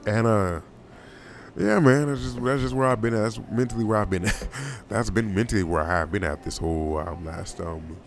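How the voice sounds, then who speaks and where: A man's voice: fairly low pitch, moderate pace, faint music behind. A young man hosting a casual solo podcast, talking in a loose, rambling, slangy way and often repeating himself. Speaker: podcast host.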